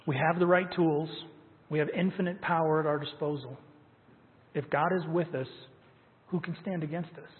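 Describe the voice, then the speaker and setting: Emphatic preacher in an echoing hall. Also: male voice, a little high, fairly even intonation, moderate pace. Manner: emphatic, rising to stress key words. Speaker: pastor. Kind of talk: sermon. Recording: tinny phone-like sound with long hall reverb.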